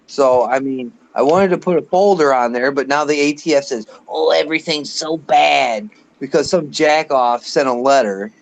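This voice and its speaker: A man's voice: mid-range voice, moderate pace, hardly any pauses. A man in his late thirties ranting bluntly and swearing in a casual live chat. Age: late 30s. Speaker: guest on a live show.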